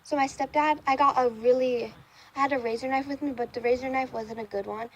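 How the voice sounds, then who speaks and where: A woman's voice: sits high, steady tone, fairly quick, slight background noise, rough recording. Rambling young woman vlogger, filler-heavy. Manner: rambling, many fillers and restarts. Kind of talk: casual storytime. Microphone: camera facing speaker.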